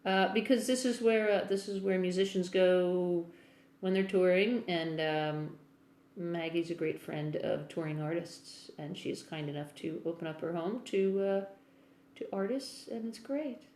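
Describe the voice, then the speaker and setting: A woman's voice: fairly low pitch, a little slow, a little mellow, a little hiss or hum. An American woman with an accent drifting toward English, a musician chatting casually and rambling to viewers on a phone livestream from a room in a house. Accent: American, partly English. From United States. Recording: echoey room.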